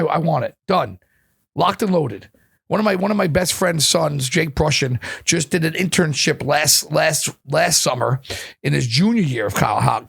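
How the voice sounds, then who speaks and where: A middle-aged man telling animated stories in an interview, profane and repeating words when he gets going. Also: on the high side, gravelly, slightly rough. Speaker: chef and guest. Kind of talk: storytelling interview chat.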